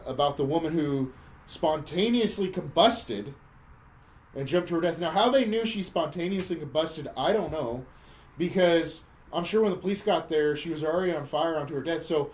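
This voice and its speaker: Speaking in a fairly high, slightly mellow voice, a man co-hosts a podcast and casually retells a movie plot with wry mockery. He often stumbles and repeats words along the way. The recording quality is poor.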